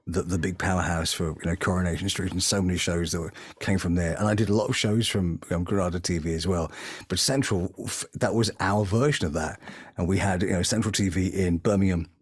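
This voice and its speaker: A man, a voice actor, telling lively anecdotes in an interview and slipping into impressions as he talks. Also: sits low, dry recording, clean studio sound. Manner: animated, breaks into impressions mid-story. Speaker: voice actor guest. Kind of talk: anecdotal storytelling.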